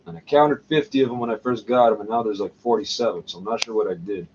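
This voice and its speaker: A man's voice: on the low side, fast, noisy background. Muttering man, lo-fi home recording. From Canada. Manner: rambling, profane, muttering asides ending in "eh?". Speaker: vlogger. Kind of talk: casual rambling monologue.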